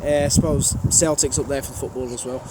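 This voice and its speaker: Standing outdoors at a railway station, a man with a strong Birmingham accent hosts his trainspotting channel, answering viewer questions bluntly and ramblingly, full of fillers, in a casual vlog. He talks briskly in a medium-pitched voice with fairly even intonation, and outdoor noise is audible behind him.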